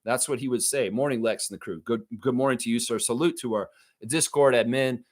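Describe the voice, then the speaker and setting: A man's voice: mid-range voice, brisk. A man hosting a livestream, ranting heatedly and profanely about sports and repeating himself for emphasis. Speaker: live stream host reading chat. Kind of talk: ranting live stream commentary.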